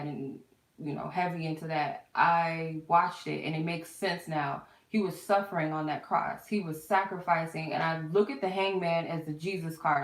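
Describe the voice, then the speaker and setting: A young woman who reads tarot, telling a personal story in a candid, casual way with frequent swearing. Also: on the low side. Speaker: tarot reader. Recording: echoey room.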